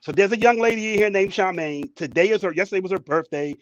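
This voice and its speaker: A man co-hosting a talk show, telling a story with excitement and repeating his words. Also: high voice, fast talker, highs cut off. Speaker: co-host. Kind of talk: casual talk show chat. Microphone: headphones, studio mic.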